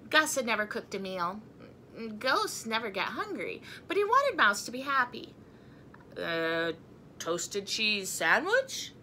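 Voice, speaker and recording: A woman's voice: on the high side, very animated, moderate pace, sharp tone, slight background noise. A woman reading a picture book aloud in a chatty manner. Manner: chatty, breaks off to talk to her cat and laugh. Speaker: storybook reader.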